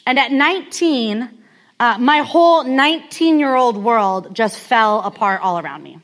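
Woman in her thirties preaching casually, slightly high voice, lots of likes and ums, personal storytelling. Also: expressive, unhurried. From California. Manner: candid, storytelling, conversational with many fillers. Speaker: speaker. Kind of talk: sermon.

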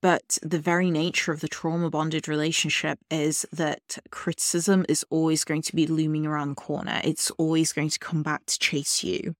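A woman hosting a solo podcast, talking earnestly and directly to the listener in a calm way. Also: low voice, moderate pace, few pauses, dry recording, studio quality. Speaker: podcast host.

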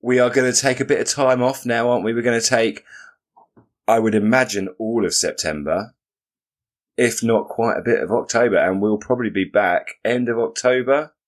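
A man's voice: mid-range voice, moderate pace. A British man co-hosting a podcast, asking dry, teasing questions in casual chat. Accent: British English. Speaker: podcast co-host.

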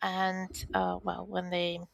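A woman's voice: fairly low pitch, slow pace, creaky, no echo, rough recording. Woman telling a story with dialogue. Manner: animated storytelling, acts out quoted dialogue. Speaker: interview guest. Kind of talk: recounting a personal story.

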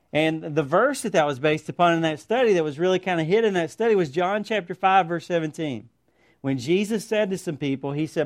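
High-voiced man preaching a sermon. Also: lively intonation, fairly quick. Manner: earnest storytelling, rhetorical questions to the congregation. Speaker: pastor. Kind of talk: sermon with personal stories.

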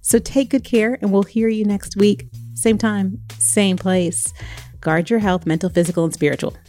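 A woman's voice: mid-range voice, steady tone, normal speed, mellow, soft background music. A woman co-hosting a podcast about family and motherhood, talking casually and closing the episode. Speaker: podcast co-host.

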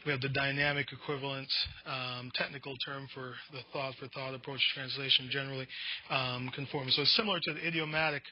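A man's voice: mid-range voice, little pitch movement, quick pace, highs cut off. A man teaching a Bible class in a conversational lecture, reading definitions and often restarting his words.

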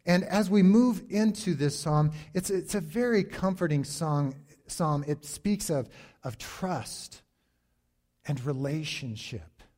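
A middle-aged male pastor preaching a sermon in a slow, deliberate way, pausing for emphasis. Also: a little high, lively intonation, mellow.

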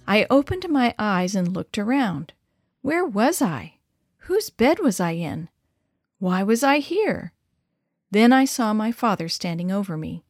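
A woman reading a story aloud for children as a storyteller, with an expressive delivery. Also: unhurried, no room sound, studio quality, faint music behind. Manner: expressive, shifts pitch for dialogue.

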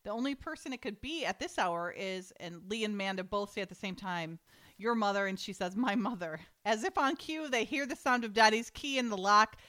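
A woman's voice: medium pitch, lively intonation, fairly quick, few pauses, bright, forceful tone. Chatty woman podcast host. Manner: chatty and amused, recaps scenes, reads dialogue. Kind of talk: casual chat, reading script lines aloud.

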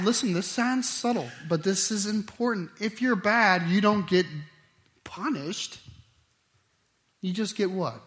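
Pitched high, a middle-aged pastor's animated sermon moves back and forth between forceful, loud emphasis and quiet side remarks.

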